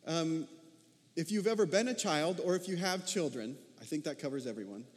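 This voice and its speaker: A man in his thirties preaching a sermon as a pastor, talking in an animated way and asking his listeners many questions. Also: fairly high pitch, brisk. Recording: long reverb of a large hall.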